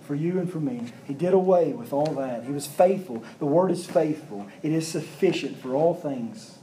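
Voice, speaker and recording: Fervent male pastor preaching, mellow tone. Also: on the high side, animated, moderate pace, slight background noise, rough recording. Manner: preaching with rising emphasis and repeated phrases. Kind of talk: sermon.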